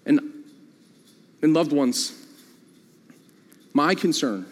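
A male pastor preaching a sermon in a church, with animated delivery and frequent repeated phrases. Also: fairly high pitch, very slow, in a large hall. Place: church sanctuary.

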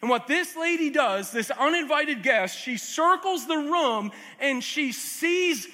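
A man preaches to his congregation in an earnest, chatty way, stopping for asides and small jokes. His voice sits very high and rings bright and sharp. The sound carries a long reverb from the church hall. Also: expressive, slow pace. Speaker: pastor. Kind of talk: sermon.

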